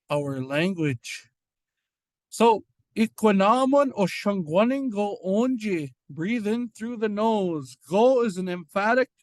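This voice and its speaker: A man teaching an informal language lesson, slowly repeating and sounding out words, with frequent fillers. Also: high voice, no room sound. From Red Lake.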